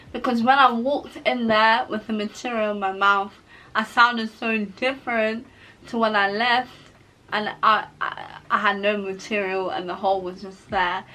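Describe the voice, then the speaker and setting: Bright-voiced woman telling her story slowly. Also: mid-range voice, rough recording. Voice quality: speech altered by a mouth cover plate. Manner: animated retelling, acting out her own past reactions. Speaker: vlogger sharing a personal testimony. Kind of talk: casual personal storytelling.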